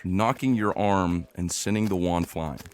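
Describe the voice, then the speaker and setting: A man's voice: sits low, measured pace. A man running a tabletop game as game master, narrating the scene in a playful, teasing way.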